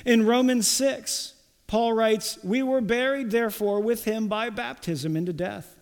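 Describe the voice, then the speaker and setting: A man delivers a sermon in a high, unhurried voice, weighing each phrase and pressing on quoted lines. The sound rings with the long reverb of a large church hall. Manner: slow, deliberate preaching with emphatic quoted lines. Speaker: pastor.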